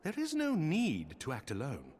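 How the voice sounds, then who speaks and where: A man's voice: on the high side, huge pitch swings, normal speed, darkish tone, husky, heavily acted. An actor playing a courtly, formal nobleman in a video game, with gracious, old-fashioned phrasing. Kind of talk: game voice acting.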